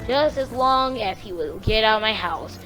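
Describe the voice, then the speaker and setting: A woman casually telling a true story on her vlog in a rambling, slangy, animated way. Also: on the high side, normal speed, faint music behind.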